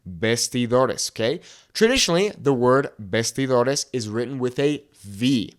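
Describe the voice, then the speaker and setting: A young man teaching a language pronunciation lesson. He checks in with "okay?" after nearly every point and slows down to stretch out the example words. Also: medium pitch, expressive. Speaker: Spanish tutor.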